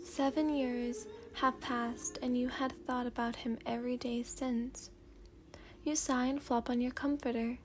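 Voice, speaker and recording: A woman reading second-person fanfiction in a slow, hushed, sleepy storytelling voice, at times dropping to a whisper. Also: a little high, level tone. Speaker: fanfiction reader.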